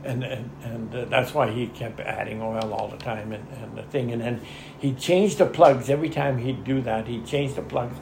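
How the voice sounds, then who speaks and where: Gravelly older man telling a story. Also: medium pitch, fairly even intonation, moderate pace. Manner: rambling, chuckling storyteller who often says "anyhow". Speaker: interviewee. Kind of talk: oral history storytelling. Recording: echoey room with faint ambient noise.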